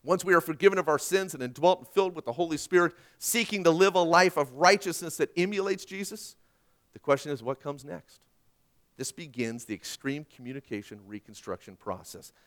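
A male pastor preaching a sermon in a conversational way with personal stories, swinging from loud, emphatic lines to hushed ones. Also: a little high, brisk.

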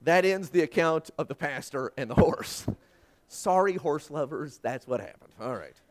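Preaching at normal speed, the pastor has a voice on the higher side. He is an animated storyteller, weaving anecdotes into his sermon and voicing the characters in them.

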